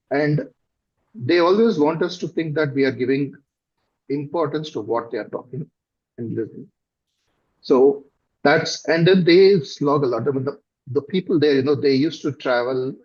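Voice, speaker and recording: A middle-aged man with a South Indian accent, answering interview questions as a company director in a thoughtful, halting way with many fillers. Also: fairly high pitch, darkish tone, breathy edge. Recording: dull lo-fi recording.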